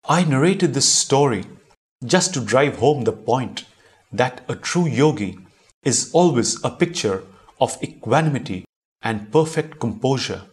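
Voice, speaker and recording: A man reading a spiritual story aloud in a calm, measured scripted narration, telling it in the first person. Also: mid-range voice.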